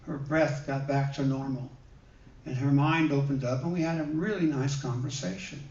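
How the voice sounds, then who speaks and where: A man giving a sermon with personal stories, gentle and conversational, with many pauses and fillers. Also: mid-range voice, steady tone. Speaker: guest minister. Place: church hall. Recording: roomy, dull sound from a distant mic.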